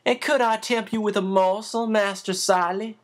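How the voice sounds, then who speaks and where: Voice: medium pitch, fairly even intonation, normal speed, voice pushed up, natural voice. A reader voicing a large, flustered country cook who speaks in old-fashioned, homely phrases. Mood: warm.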